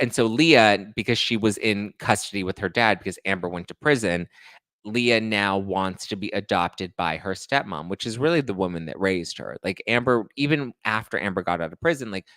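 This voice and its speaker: A man's voice: deep voice, fairly bright tone, dry recording. A man hosting a pop culture show, in casual gossip commentary that is chatty, full of fillers and sarcastic asides. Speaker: pop culture podcast host.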